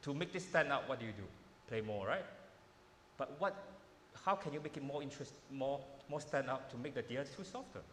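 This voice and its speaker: In a large hall with a piano, a Malaysian man runs a piano masterclass, teaching in an informal way with simple phrases and repeated words. His mid-range voice is a little fast and a bit bright, with slight background noise, roomy hall echo and piano playing.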